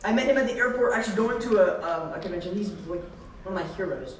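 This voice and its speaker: Excitable young man in an echoey hall. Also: high-pitched, fast talker, far from the mic, a little hiss or hum. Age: young adult. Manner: excitable, tangent-prone, laughs often. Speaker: convention panel guest. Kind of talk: rambling anecdotal Q&A. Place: convention panel hall. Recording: echoey hall, mic heard from afar.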